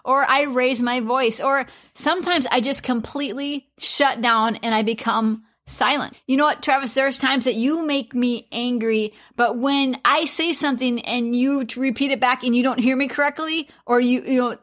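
A woman's voice: high-pitched, fairly even intonation, normal speed, hardly any pauses. A woman co-hosting a faith-based marriage podcast with her husband, talking openly and laughing easily. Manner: warm, open, laughs easily. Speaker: podcast co-host.

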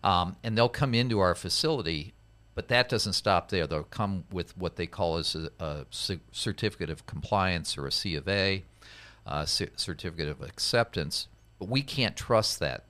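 A man, a company president and CEO, guesting on a podcast and explaining in a measured, step-by-step way. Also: low-pitched, fairly bright tone. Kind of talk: casual interview talk.

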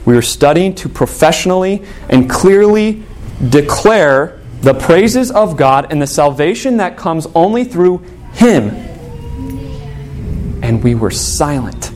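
A man's voice: a little high, very animated, slow, darkish tone. Storytelling male pastor preaching. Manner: conversational storytelling preacher, acts out quoted voices. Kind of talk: sermon.

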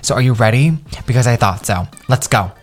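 A man's voice: medium pitch, lively intonation, quick pace, soft background music. A man in his twenties from the States hosting a casual solo podcast, bubbly and slangy, cursing freely and drifting into tangents. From United States. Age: 20s. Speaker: podcast host.

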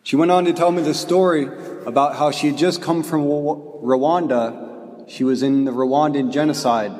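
A man, a priest, telling a story in his homily with an earnest tone and slow, emphatic phrasing. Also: fairly high pitch, fairly even intonation, darkish tone, in a large hall.

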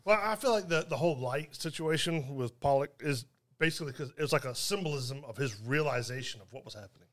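A man's voice: mid-range voice, quick pace, a bit bright. A man co-hosting a podcast, casually explaining his take on a film scene. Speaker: podcast co-host. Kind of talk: casual chat.

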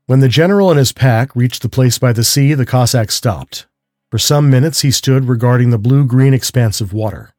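A man who hosts a story show, reading a calm mystery tale aloud at a measured, steady pace. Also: mid-range voice, no room sound, studio quality. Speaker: narrator and host of a story show. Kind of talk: calm audiobook story narration.

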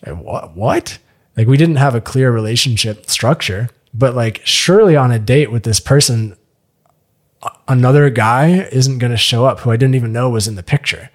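A man telling a personal story on a podcast in a casual, animated way, swearing freely and acting out the voices of people he quotes. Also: medium pitch, moderate pace.

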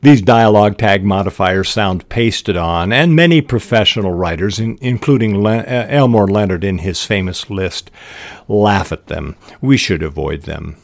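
A middle-aged man talks through fiction-writing advice in a measured, unhurried way, reading short examples aloud. His voice sits on the low side. The recording is dry and close, with no room sound. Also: gravelly, dry recording. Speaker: writing podcast host. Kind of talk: instructional talk on fiction writing.

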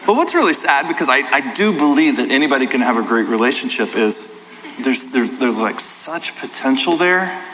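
A middle-aged man pastor giving a sermon, talking in an animated, conversational storytelling way. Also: mid-range voice, moderate pace, slight background noise. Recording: hall reverb, faint ambience.

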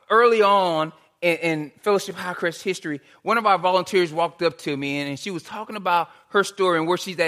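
Male pastor, sermon delivery, high-pitched and bright-toned, earnest and repetitive. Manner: earnest preaching, rhetorical questions and repetition.

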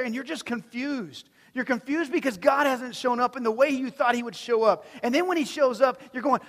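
A man preaching a sermon as pastor, animated and swinging from hushed to loud. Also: extremely high pitch, a little fast, hardly any pauses. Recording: long reverb from a large hall.

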